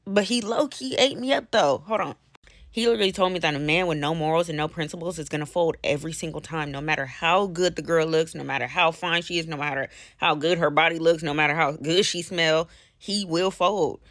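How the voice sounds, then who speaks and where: A woman's voice: a little fast, dry recording, clean studio sound. A woman telling a story about a talk with her boyfriend, quoting him and acting out her own reactions. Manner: animated storytelling, quotes others, swings pitch high. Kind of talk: storytelling vlog clip.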